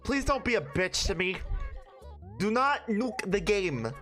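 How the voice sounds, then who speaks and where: Exasperated woman streamer, lively voice. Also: medium pitch, unhurried, soft background music. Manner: exasperated, swearing reactions. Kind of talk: casual live-stream chat.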